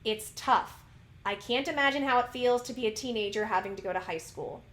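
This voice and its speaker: A high, bright woman's voice bounces around an echoey room. She reads out celebrity gossip and then tips into a worked-up, ranty commentary, tossing question after question at her audience. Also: a little fast. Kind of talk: news reading turning into a rant.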